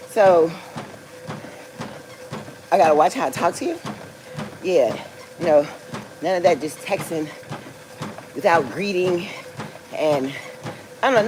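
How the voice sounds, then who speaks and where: A woman's voice: on the low side, noisy background. A woman in her forties telling a personal story in a casual livestream, rambling with lots of fillers and laughing as she talks. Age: 40s. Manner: rambling, filler-heavy, laughs through talk. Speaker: vlogger.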